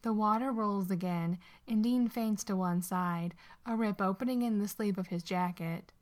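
A woman narrates a story aloud at a middle pitch. Her reading is steady and expressive, and she keeps an even storybook pace. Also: normal speed.

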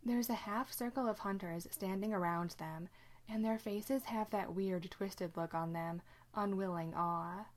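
A woman reading a story aloud in steady narration. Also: mid-range voice, unhurried. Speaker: reader.

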